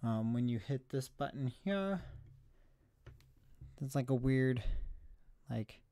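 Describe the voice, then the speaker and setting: A man's voice: mid-range voice, expressive, takes it slowly, dark tone, no room sound, clean studio sound. A man chatting on a live stream about thrift finds, rambling and self-deprecating, sounding slightly out of breath. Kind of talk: casual live stream chat.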